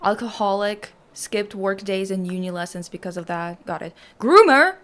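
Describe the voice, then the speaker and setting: A woman's voice: mid-range voice, little pitch movement, normal speed. A young adult woman hosting a casual stream chat, reacting bluntly and with lots of swearing as she reads out stories. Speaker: streamer host.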